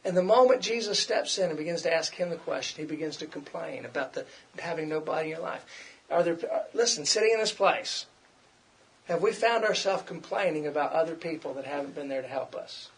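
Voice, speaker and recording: A man's voice: a little high, lively intonation, brisk. A middle-aged man preaching a conversational sermon, repeating himself and acting out quoted complaints.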